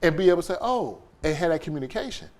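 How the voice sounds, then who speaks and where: A male podcast guest tells an emotional story from his own life, animated and acting out scenes with quoted voices and sound effects. His pitch is fairly high, and he talks very fast.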